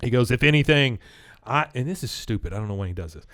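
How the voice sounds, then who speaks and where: A man co-hosting a podcast, recapping an episode in casual chat and acting out the characters' lines in raised, excited voices. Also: on the low side, very fast, no echo, clean studio sound. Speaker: podcast co-host.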